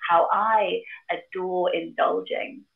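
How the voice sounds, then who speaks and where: Woman reading a greedy, gloating storybook wolf; slow drawl, some gravel. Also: on the low side, steady tone, full character voice. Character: greedy hungry male wolf. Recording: echoey, tinny call audio.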